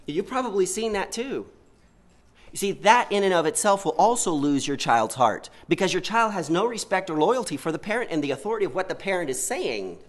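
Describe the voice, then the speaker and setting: A man's voice: sits high, big pitch swings, a little fast. A man preaching a sermon in an earnest way, often asking his listeners rhetorical questions.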